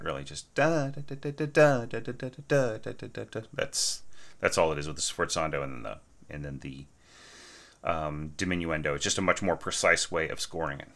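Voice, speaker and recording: Male music lecturer, very deep but bright tone, eager and chatty, casting for an online lesson. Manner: enthusiastic, often asks "right?", sings phrases. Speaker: orchestration lecturer.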